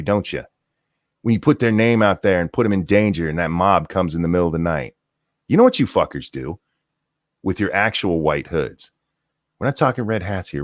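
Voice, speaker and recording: Heated, animated male ranter. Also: on the low side, dry recording, studio quality. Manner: profane, heated, mocking outbursts. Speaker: host. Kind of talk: angry political rant.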